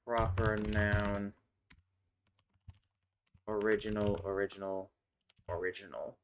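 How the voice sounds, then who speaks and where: A woman's voice: very deep voice, level tone, slight background noise. A streamer chatting casually while working on a made-up language, muttering to herself as she looks things up. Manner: slow, muttering while typing and looking things up. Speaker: streamer building a constructed language. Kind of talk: casual livestream chat. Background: keyboard typing and clicking.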